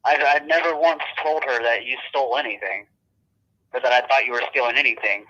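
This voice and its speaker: A man calling from jail on the phone, calmly defending himself in casual talk and repeating his words. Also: medium pitch, brisk. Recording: tinny jail phone line.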